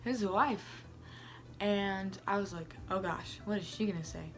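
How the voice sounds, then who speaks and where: A woman's voice: medium pitch, measured pace, faint music behind, lightly acted. A woman playing a gossipy, self-centered young Salem woman who talks to the camera in a chatty vlog style, full of "like" and "oh my gosh". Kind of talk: amateur vlog-style role-play.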